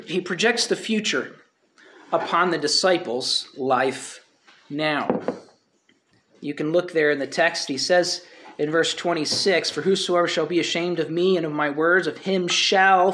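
A man with a high voice preaches a sermon in an easy, conversational way. He reads scripture aloud and often asks his listeners rhetorical questions. A faint hiss sits under the recording. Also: a bit bright.

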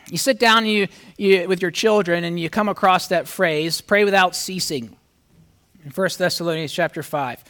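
High-voiced pastor preaching earnestly. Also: male voice, moderate pace, a bit bright. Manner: earnest, speaks straight to the congregation, reads scripture aloud with rising emphasis. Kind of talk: conversational sermon with scripture reading.

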